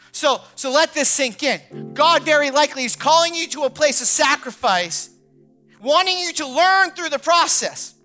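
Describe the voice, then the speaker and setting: A man in his thirties preaches with an animated, storytelling manner, slipping into the voices of the people he quotes. His tone is bright and forceful. Soft music plays behind him. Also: very high-pitched. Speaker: pastor. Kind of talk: sermon with personal story.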